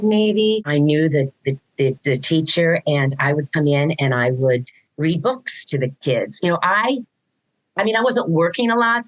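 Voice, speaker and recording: Low-voiced woman telling stories animatedly. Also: low-quality recording. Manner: animated storytelling, acts out quoted dialogue, frequent restarts. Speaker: guest, mother of a neurodivergent son. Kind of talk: casual conversational interview.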